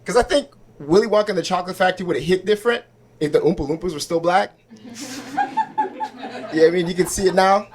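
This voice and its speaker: High-voiced stand-up comic at an open mic. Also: male voice, fast, long pauses, a little hiss or hum. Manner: conversational, asks crowd for agreement. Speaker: stand-up comedian. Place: small comedy club stage.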